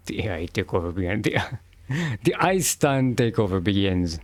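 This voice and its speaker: A man's voice: lowish voice, very animated, normal speed, dry recording. A man streaming a game and commenting casually, rambling and joking and laughing often.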